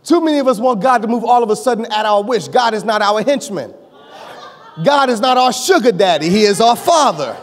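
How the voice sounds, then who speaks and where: A male pastor preaching a sermon, joking with the congregation and rising to shouts. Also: high voice, lively intonation, brisk, soft background music. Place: church sanctuary. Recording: long reverb of a church hall.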